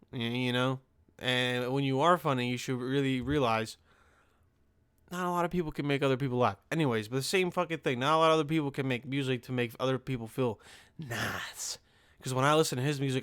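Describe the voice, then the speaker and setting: A man's voice: mid-range voice, fairly bright tone, clean tone, dry recording, studio quality. A man hosting his own podcast, rambling casually in a profane, loose monologue full of fillers and restarts. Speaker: podcast host.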